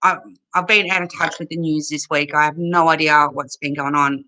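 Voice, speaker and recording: A woman's voice: low voice, fairly even intonation, normal speed, sharp tone, rough recording. A woman hosting a casual live chat from home on her computer, reading viewers' comments aloud and thanking them, chatty and at times emotional. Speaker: livestream host reading chat.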